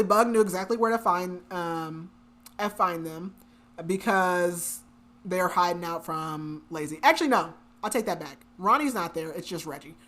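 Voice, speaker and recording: A young woman co-hosting a book podcast recaps the plot casually, chatty and full of fillers, laughing often. Her voice is fairly low in pitch with a fairly bright tone.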